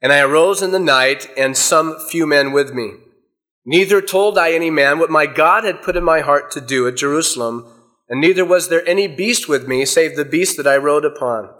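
A man's voice: on the high side, normal speed, a bit bright. A middle-aged man preaching a sermon, reading scripture aloud and explaining it with folksy asides. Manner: reads scripture aloud, then explains it with illustrations.

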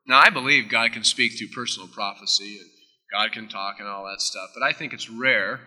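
A male pastor delivers a sermon in a sharp, very bright voice. He swings between loud, emphatic declarations and quiet, intimate asides, and his words trail off into the long reverb of a big hall. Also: on the low side, moderate pace. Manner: emphatic, with sudden drops into soft, intimate asides.

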